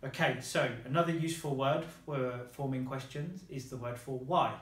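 A man's voice: medium pitch, moderate pace, echoey room. A man teaching a lesson, patiently modelling phrases and praising his student's answers. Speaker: language teacher.

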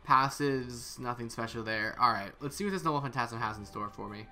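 A man's voice: mid-range voice, fairly quick, pushed and bright, faint music behind. A man casually reviewing a game character, thinking aloud with some hesitant repeats. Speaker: game content creator.

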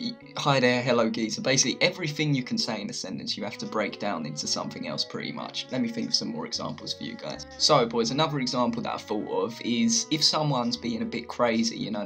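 A man's voice: medium pitch, creaky, a bit bright. A young man with a London accent, explaining slang to camera in a loose, chatty way. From England. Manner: chatty, loose, with many "like"s and restarts. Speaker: video host teaching slang.

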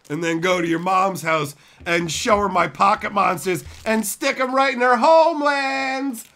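Swearing streamer guy opening packs, high bright voice, bounces all over the place, rambly and hyped. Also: unhurried, gravelly, hardly any pauses. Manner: profane, excitable, rambling banter. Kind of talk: casual live-stream chat reading viewer messages.

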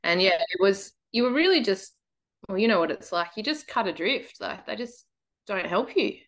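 A woman guest telling her story in a casual interview, animated, laughing often and acting out her own past thoughts. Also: mid-range voice, normal speed.

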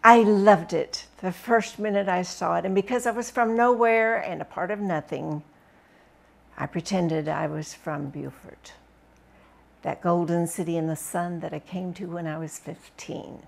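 A woman reading a first-person memoir aloud with expressive, dramatic storytelling. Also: lowish voice, measured pace, creaky. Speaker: book reviewer reading aloud.

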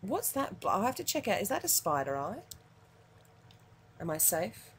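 An Australian woman commenting on her gameplay in a casual, excitable way, muttering to herself between sudden yelps. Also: mid-range voice, moderate pace, slight background noise. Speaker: gaming channel host.

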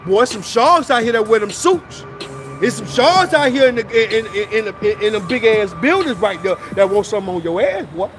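A man's voice: high-pitched, animated, moderate pace. A man, preaching motivation in a livestream rant outdoors, repeating himself and slipping into a sing-song. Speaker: motivational streamer. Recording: music playing loud in the background.

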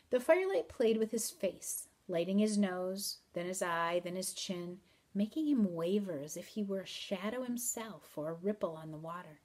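A woman narrating a children's novel aloud in an even, measured storytelling manner. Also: fairly low pitch. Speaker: audiobook narrator.

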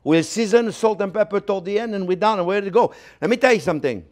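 A lively French-accented chef talks viewers through a dish, chatty and playful, tossing in little sound effects. His voice sits a bit higher than most men's. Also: quick pace. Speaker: cooking show host, chef teaching. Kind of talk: casual cooking demonstration.

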